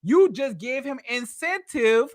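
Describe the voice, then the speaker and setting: A high, bouncy female voice swoops up and down as she lectures on a livestream. She is a dating coach, emphatic and animated, pressing her points with repeated rhetorical questions. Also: takes it slowly. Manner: animated, emphatic, acts out a cheating man. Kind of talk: livestream advice talk. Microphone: livestream setup.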